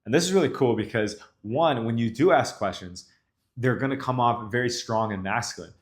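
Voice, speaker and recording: A man speaking casually to camera as a dating coach, explaining calmly and directly. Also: medium pitch, normal speed. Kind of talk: instructional talk to camera.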